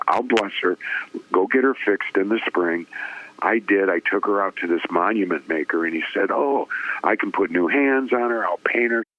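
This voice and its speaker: A man with a low voice recounts a personal story on a tinny, phone-like line, and the sound is thin and narrow. He tells it dramatically, rising with emotion and acting out each quoted voice. He is a seasoned radio talker speaking as an interview guest. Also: no echo. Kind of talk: personal testimony in conversation.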